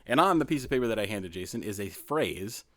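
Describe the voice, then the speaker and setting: A man's voice: lowish voice, lively intonation, brisk, fairly bright tone. A man co-hosting a podcast, easygoing and joking, often repeating words as he gets going. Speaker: podcast co-host. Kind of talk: casual chat.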